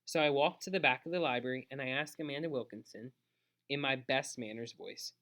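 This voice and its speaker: A man reads a children's book aloud in gentle, steady narration. His voice is bright and forward, with a pitch in the middle range for a man. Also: fairly quick. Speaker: storyteller on his own channel.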